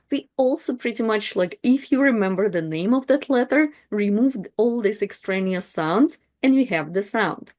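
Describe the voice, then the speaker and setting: A woman's voice: medium pitch, a little mellow. A woman teaching an online language lesson, explaining step by step in a casual way with frequent fillers.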